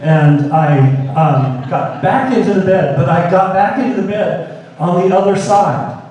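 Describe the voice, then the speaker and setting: Middle-aged guy from seattle doing stand-up, rambly, lots of ums, dry self-mocking jokes, somewhat high voice, super echoey room heard from a ways off. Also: measured pace. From Seattle, US Pacific Northwest. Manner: rambling, self-correcting delivery with many fillers; wry, deadpan self-mockery. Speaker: stand-up comedian. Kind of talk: stand-up comedy set. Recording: echoey live room, mic from a distance.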